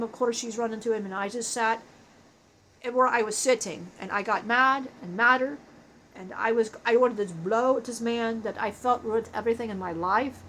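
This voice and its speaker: A woman telling an emotional spiritual life story in a halting way, often breaking off and restarting her sentences. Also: a little high, fairly bright tone, a little hiss or hum, low-quality recording. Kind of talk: channeled personal storytelling.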